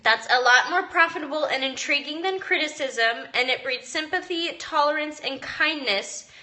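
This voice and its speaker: A woman's voice: high voice, moderate pace, sharp tone. A young mother reading a passage from a book aloud, earnest and emotional, tearing up at times. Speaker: mom vlogger.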